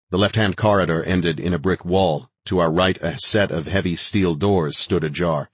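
A man's voice: sits low, slightly rough, dry recording. A man narrating a first-person action thriller with a terse, driving delivery. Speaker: audiobook narrator.

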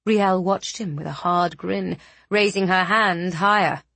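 A woman narrating a fantasy novel with measured, dramatic storytelling. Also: lowish voice, fairly even intonation, creaky, a bit bright, dry recording. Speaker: audiobook narrator.

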